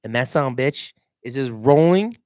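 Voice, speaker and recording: A middle-aged man rambling in a casual vlog, telling animated stories and swearing freely. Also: mid-range voice, moderate pace, dry recording, clean studio sound. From Minnesota. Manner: animated storytelling, mimics voices, swears freely. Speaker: realtor vlogger.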